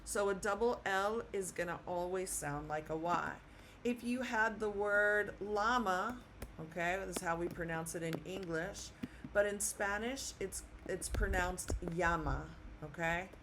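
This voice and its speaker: Woman, language teacher, unhurried pace, patient repetition, medium pitch, faint background hum. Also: a bit bright. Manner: slow, patient, spells out and repeats sounds. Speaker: Spanish teacher. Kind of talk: online language lesson.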